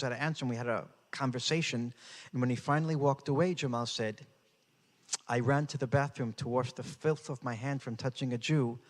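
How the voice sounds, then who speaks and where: An older man giving a talk, telling a personal story with dramatic, rising intensity. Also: medium pitch. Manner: dramatic, builds to raised intensity. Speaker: speaker. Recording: hall with long reverb.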